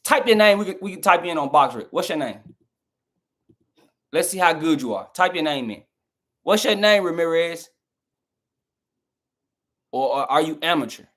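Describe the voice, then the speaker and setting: A man's voice: a little high, animated, moderate pace, long pauses, fairly bright tone. A young southern man with a Southern American accent, arguing heatedly with his chat on a live stream and mocking their replies. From southern United States. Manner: argumentative, mocking, talks straight to chat.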